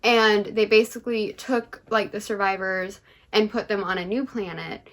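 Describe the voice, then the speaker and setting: A young woman co-hosting a book chat, recapping the plot in animated, casual storytelling full of "like.". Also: mid-range voice, normal speed. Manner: animated storytelling, heavy use of "like". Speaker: book podcast co-host.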